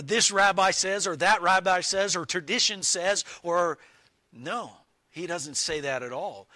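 A man preaching a teaching sermon, slow and deliberate, stressing quoted lines. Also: high voice, bright, forceful tone, no room sound. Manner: slow, deliberate, emphatic on quotations.

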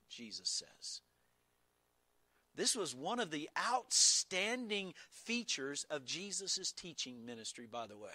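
A male pastor delivers a sermon in a slow, measured cadence. His voice is bright and fairly high, and he leans hard on key phrases. The sound is close and dry, with no room echo. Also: sing-song. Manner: emphatic, slow and deliberate, with verbal restarts.

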